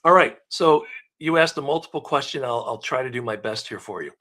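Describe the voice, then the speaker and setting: A man's voice: medium pitch, brisk. A man coaching on asking better questions in a live online talk, acting out little dialogues as examples. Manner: animated, acts out dialogue examples.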